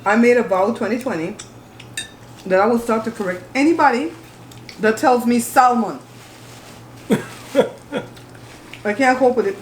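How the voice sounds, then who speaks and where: A woman's voice: on the high side, normal speed, pauses often, a little hiss or hum. A woman from Belize, hosting a casual chat over a home meal and telling stories in an emphatic, outspoken way. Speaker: host. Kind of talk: casual chat while eating. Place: home, at the table. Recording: roomy echo.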